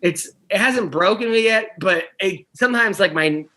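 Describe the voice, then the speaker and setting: High, bright-voiced man rambling on a podcast. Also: normal speed. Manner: rambling, restarts, animated when annoyed. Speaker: podcast co-host; wrestling coach. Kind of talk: casual podcast chat.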